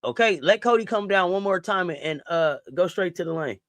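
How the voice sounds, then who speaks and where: A woman hosting a live basketball watch-along, reacting out loud and talking straight to the players. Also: on the low side, lively intonation, fairly quick, dry recording. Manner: exclamatory, talks straight to the players. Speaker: sports watch-along host. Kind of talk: live game reaction commentary.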